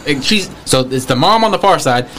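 A man's voice: on the high side, lively intonation, fairly quick, a bit bright. A man co-hosting a podcast, telling rambling stories in casual chat. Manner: rambling storyteller, lots of fillers and repeats. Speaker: podcast co-host.

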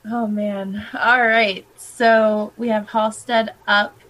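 A woman's voice: medium pitch, little pitch movement, slow pace, a bit bright, poor audio. A woman playing a tabletop game who thinks aloud with hesitant, roundabout phrasing. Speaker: player.

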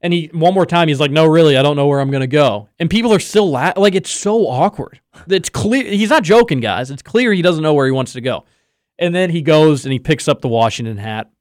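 A man hosting a sports podcast, telling a story in a lively casual way and acting out the quotes. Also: on the high side, brisk, dry recording, clean studio sound. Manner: animated storyteller, acts out quotes. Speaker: podcast host.

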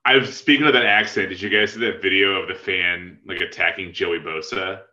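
A man chatting casually, dropping deadpan, dark one-liners. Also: deep voice, a little fast. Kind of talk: casual chat. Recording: echoey, dull-sounding mic.

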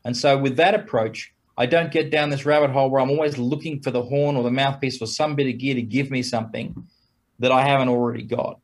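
A man in mid pitch talks casually as an interview guest. He is animated, with a ready chuckle, and his voice jumps higher whenever he acts out what other people say. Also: fast talker. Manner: animated, acts out quoted exchanges in a raised voice; chuckles between points. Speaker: trumpet player guest.

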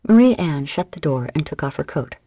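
Low-voiced woman narrating a story. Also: a little fast, no echo, studio quality. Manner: expressive storytelling. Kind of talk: scripted audiobook narration.

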